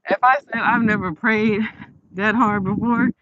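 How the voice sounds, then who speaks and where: A woman's voice: medium pitch, fairly even intonation, a little slow, a bit bright, no room sound, dull audio. Chatty woman rambling on a night walk. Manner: chatty, rambling, laughs often. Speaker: vlogger. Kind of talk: casual storytelling while walking. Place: outdoors on a late-night walk.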